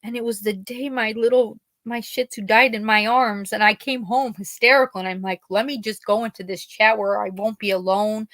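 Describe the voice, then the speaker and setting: This podcast host from Pennsylvania talks casually with her live audience, telling meandering stories full of quoted lines. She speaks at a normal speed in a steady, mid-range voice with a fairly bright tone, barely pausing at all. The recording is dry.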